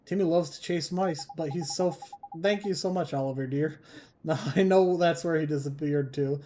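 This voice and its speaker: A man's voice: on the high side, normal speed, mellow, a little hiss or hum, natural voice. A man doing a cooing old cat lady. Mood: doting. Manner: cooing, fussing, sweetly doting. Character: fussy older woman doting on her cat.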